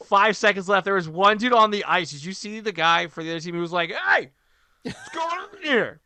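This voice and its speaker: Animated, bright-voiced man on a podcast. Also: high voice, quick pace, clean tone, no room sound. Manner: animated, joking, jumps between loud and quiet. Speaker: podcast co-host, hockey coach. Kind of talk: casual sports podcast chat.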